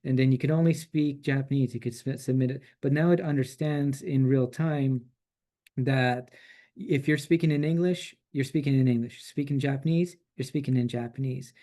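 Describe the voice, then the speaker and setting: A man presenting a software tool in a relaxed, chatty way, with frequent fillers and restarts. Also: medium pitch, moderate pace. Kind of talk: casual software demo.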